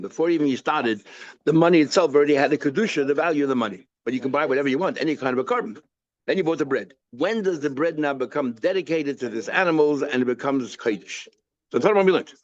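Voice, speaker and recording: Speaking at a medium pitch, a male rabbi walks through a daily Talmud page casually, raising questions he answers himself and sprinkling in Hebrew and Yiddish words among the English. The audio has its highs cut off.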